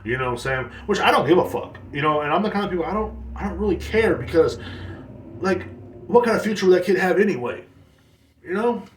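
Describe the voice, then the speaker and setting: A man's voice: high voice, expressive, fast talker, reverberant, a little hiss or hum. A man hosting a podcast, ranting casually at length, profane and rambling with lots of fillers. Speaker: podcast host streaming to chat.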